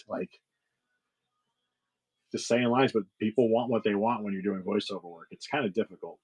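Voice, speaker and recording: Rambling, hesitant man, low voice. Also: moderate pace, long pauses, a little mellow, breathy edge, poor audio. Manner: rambling, hesitant, many fillers and restarts. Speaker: livestream seller host. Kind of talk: casual chat with viewers.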